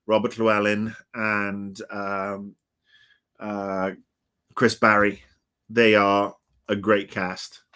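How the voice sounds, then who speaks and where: A British man in his fifties hosts a livestream in a low-leaning, slightly bright voice. He chats casually but rambles, grumbles, swears, and says um and uh a lot.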